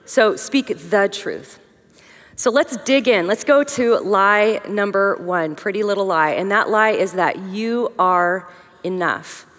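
A woman's voice: mid-range voice, takes it slowly. Woman teaching with joking asides in a hall. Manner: conversational, joking asides, lively emphasis. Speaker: women's conference speaker. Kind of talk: humorous teaching talk.

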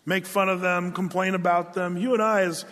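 A man delivers a sermon in a high, lively voice, telling a story and acting out quotes with playful asides. His voice rings with the long reverb of a large hall. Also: moderate pace. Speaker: pastor.

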